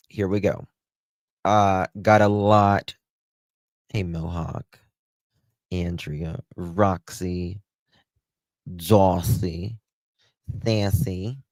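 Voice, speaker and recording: A man's voice: low voice, creaky, no room sound. A man with a Southern accent hosting a live true-crime stream, reading news aloud and greeting viewers by name. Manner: slow, drawling, affectionate with viewers. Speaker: true-crime show host.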